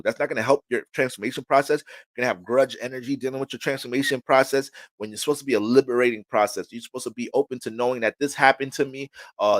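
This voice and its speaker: Dude doing a horoscope reading, cussing a lot, hype and preachy, kinda high voice, dry sound. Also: male voice, no echo. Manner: animated, profane, preachy. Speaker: astrologer. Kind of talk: casual astrology reading.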